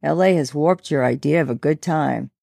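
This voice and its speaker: A woman's voice: low voice, normal speed, vocal fry, warm tone, dry recording, full character voice. Terse, swearing young guy from a novel , read by a woman in her own voice, dry close sound. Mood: tense. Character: young man, old friend, tense and gruff.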